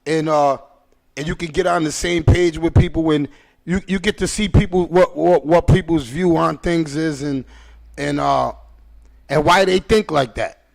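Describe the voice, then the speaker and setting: A man hosting a podcast in a loose, rambling way. He talks emphatically and swears freely. His voice is high with a gravelly edge. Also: moderate pace. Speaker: podcast host. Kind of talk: casual chat.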